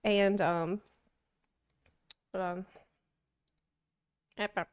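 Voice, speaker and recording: Slow, clear-voiced woman streamer. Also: medium pitch, steady tone, dry recording, studio quality. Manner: rambling, self-deprecating storytelling with frequent laughs. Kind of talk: casual chat.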